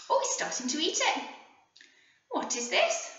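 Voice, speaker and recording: English woman, infant teacher, sing-song phonics lesson; slow, swooping delivery, dull roomy recording. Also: high-pitched. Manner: animated, sing-song, slow and clear with frequent gasps. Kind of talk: phonics lesson for young children. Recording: echoey room, voice from a distance, dull sound.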